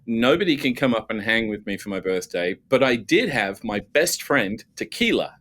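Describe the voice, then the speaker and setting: A man's voice: on the low side, moderate pace. Chatty man telling stories. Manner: animated, self-mocking anecdotes with many restarts. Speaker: guest. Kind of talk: casual storytelling.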